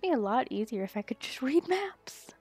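A young woman streaming a video game, muttering to herself as she plays and bursting into excited squeals. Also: high-pitched, moderate pace, breathy edge, soft background music. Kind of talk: casual gaming stream chatter.

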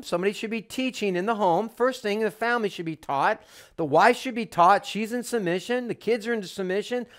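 A man's voice: high voice, a bit bright. A man preaching a sermon as a home church teacher, fervent and emphatic, driving his points home with repeated refrains.

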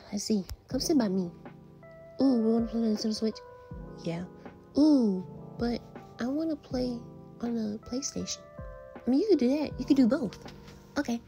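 A woman's voice: mid-range voice, dark tone. A woman performing a casual fan role-play audio drama, trading slangy, teasing banter as she voices several friends.

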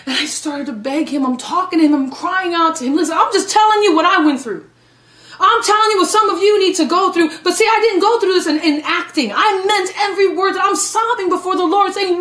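High-voiced woman evangelist, echoey room. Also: normal speed, distant mic. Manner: emotional storytelling, dramatic swings from loud to hushed. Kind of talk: testimony sermon.

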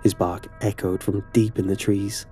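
A man narrating a horror story in a steady, measured way. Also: on the low side, soft background music.

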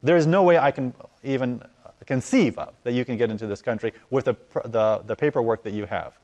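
A man recounting a personal story in conversation with a lively, theatrical delivery. He acts out both sides of the dialogue, climbing loud and high and then dropping to a hush. His voice sits at a middle pitch. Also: a little fast, highs cut off. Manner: animated, acts out dialogue with voice rising and falling. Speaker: guest telling a testimony.

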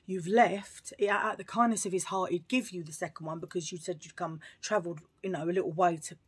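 Husky woman telling a story. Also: fairly low pitch, a little fast. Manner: animated, full of asides and restarts. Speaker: vlogger. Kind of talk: chatty storytelling to camera.

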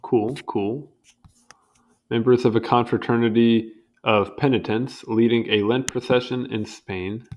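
A man's voice: mid-range voice, steady tone, a little slow, a little mellow. A young man casually reading an encyclopedia article aloud, stumbling over hard words and adding wry asides. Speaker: reader.

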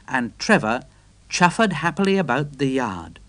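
A man reading a children's railway story aloud, gentle and expressive. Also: on the high side, moderate pace, dry recording.

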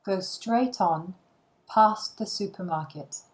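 A woman reading short English phrases one at a time for language learners, with pauses between them. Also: on the low side.

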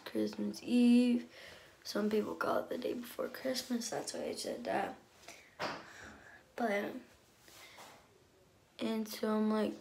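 A young woman telling a story at an unhurried pace with a fairly high voice. She is chatty and excitable and fills her speech with likes. A faint hiss runs under the recording. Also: vocal fry. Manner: chatty, excitable, many fillers. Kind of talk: casual storytime.

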